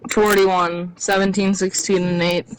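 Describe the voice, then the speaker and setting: A woman's voice: medium pitch, level tone, measured pace, no room sound, rough recording. A woman playing a tabletop game, thinking aloud and hesitating as she talks. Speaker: player. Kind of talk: casual game play.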